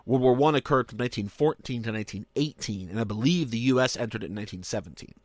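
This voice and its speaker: A man co-hosting a podcast, quizzing his partner on holiday trivia in casual, teasing banter and slowing down to read each question aloud. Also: mid-range voice, no room sound.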